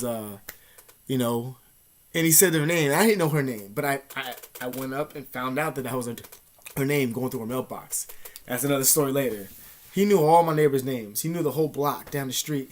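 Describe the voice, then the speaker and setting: A young man talking straight to his camera, swearing freely and leaning on street slang as he tells his story. He stays animated throughout, in a voice of ordinary middle pitch. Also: brisk. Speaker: vlogger.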